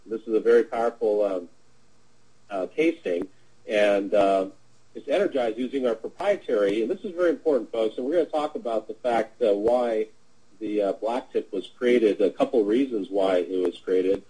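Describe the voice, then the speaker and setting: A man's voice: on the low side, normal speed, dark tone, husky, poor audio. A middle-aged man presenting a webinar, telling a sales anecdote in a casual, rambling way with many fillers and restarts. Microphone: webinar audio.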